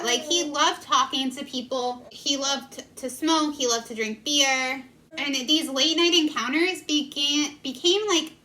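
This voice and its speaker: A woman's voice: sits high, sharp tone, poor audio. A young woman in her twenties, a vlogger telling a local legend in a casual, earnest and emotional way. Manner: earnest, emotional, filler-heavy. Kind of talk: casual storytelling.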